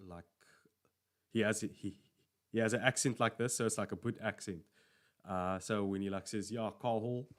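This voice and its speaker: A man chatting casually on a stream, rambling and correcting himself as he goes. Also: lowish voice. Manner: rambling, self-correcting, filler-heavy. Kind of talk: casual chat.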